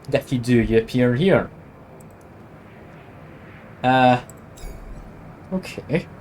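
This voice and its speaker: A man's voice: medium pitch, expressive, slow pace, a little mellow, a little hiss or hum, rough recording. A man streaming a video game, reading the on-screen text aloud and adding wry, self-mocking asides. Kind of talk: casual let's-play narration, reading game text aloud.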